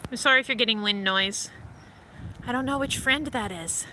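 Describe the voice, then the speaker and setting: A woman filming her foster cats at home and in the yard, chatting to them in cooing baby talk and to her viewers in a relaxed way. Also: a little high, moderate pace. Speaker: cat foster streamer. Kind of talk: casual talk to pets on camera. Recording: faint wind and outdoor noise.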